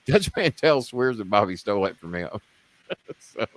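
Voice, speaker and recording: Hosting a laid-back live stream, a man speaks at normal speed in a fairly low voice with big swings in pitch. He wanders off on tangents, curses without restraint, and bargains back and forth with the people watching.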